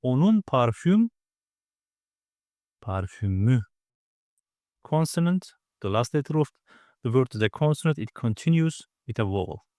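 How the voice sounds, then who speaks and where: A man teaching a grammar lesson, explaining patiently step by step and repeating words slowly. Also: medium pitch, very animated, a little mellow, no echo, clean studio sound. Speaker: language teacher.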